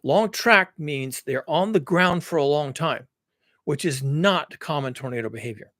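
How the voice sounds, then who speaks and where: A man's voice: on the high side, measured pace, fairly bright tone, dry recording. A man hosting a live-streamed solo talk, explaining earnestly in long lists and restarts at a computer mic. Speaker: climate commentary host.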